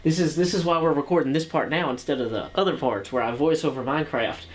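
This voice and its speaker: A man with a slightly high voice chats his way through a casual gameplay commentary. He rambles and pads his talk with fillers and asides. He keeps poking fun at himself. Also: fast talker, a little hiss or hum. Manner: rambling, self-deprecating, lots of fillers and jokes; excited, upbeat office tour. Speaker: host.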